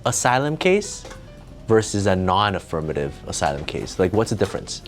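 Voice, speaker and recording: A man's voice: low-pitched, sing-song, moderate pace, soft background music. A man hosting a podcast interview, asking brief prompting questions. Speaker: podcast host.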